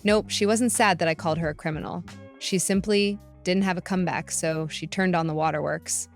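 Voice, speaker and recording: A young woman narrates her own family drama with sarcasm and indignation. Her voice sits fairly low, and faint music plays underneath. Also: fairly even intonation, a little fast. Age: young adult. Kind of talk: first-person story narration.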